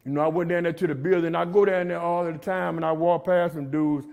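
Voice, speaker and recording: A man's voice: a little high, steady tone, brisk, vocal fry, few pauses, darkish tone. A middle-aged man speaking at a jail gathering, telling his recovery story in street slang and ending lines with "man.". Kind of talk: motivational recovery talk.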